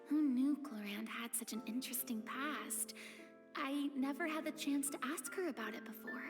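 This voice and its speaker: Bubbly young noblewoman for a game; high, expressive and chatty. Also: unhurried, music in the background. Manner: bubbly and expressive, thinking aloud. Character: cheerful, lively young noblewoman. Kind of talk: game voice acting.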